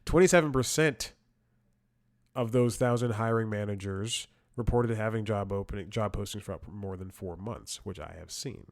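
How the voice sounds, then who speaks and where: A man with a fairly low voice, speaking at normal speed, hosts a comedy podcast. He wanders through stories and commentary in a blunt, wry way, chuckling and restarting again and again.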